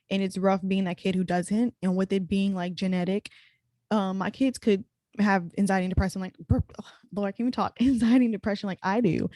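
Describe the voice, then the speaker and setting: Fast-talking young woman podcast host. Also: lowish voice, darkish tone, no echo. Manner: rapid, chatty, full of "like" fillers. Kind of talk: casual chat.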